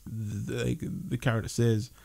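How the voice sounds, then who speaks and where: A man's voice: medium pitch, flat delivery, moderate pace, vocal fry, warm tone. A man casually reviewing a film with a friend, rambling, restarting often and laughing a lot.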